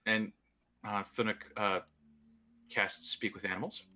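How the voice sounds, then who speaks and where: Halting man describing his character's actions. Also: fairly low pitch, steady tone, bright, forceful tone. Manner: halting, full of fillers. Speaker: player. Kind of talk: casual tabletop game play.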